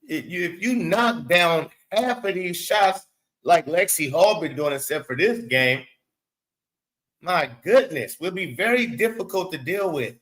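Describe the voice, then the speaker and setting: This high-pitched man, hosting his own program, talks basketball in a loose, exasperated way, swearing bluntly and hammering words through repetition. His delivery is slightly slow with lively intonation and a somewhat bright tone, captured in rough audio.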